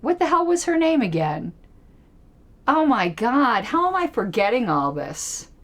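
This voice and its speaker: Woman host, casual solo chat, rambling and self-talking, lively swooping pitch. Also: unhurried. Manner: rambling, laughs often, talks to herself while trying to recall names. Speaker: political commentary channel host. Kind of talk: casual solo TV episode discussion.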